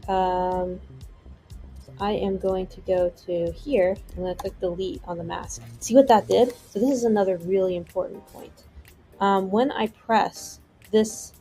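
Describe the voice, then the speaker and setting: A woman hosting a casual software tutorial, chatty and rambling with playful asides. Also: mid-range voice, steady tone, measured pace, soft background music. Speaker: tutorial host.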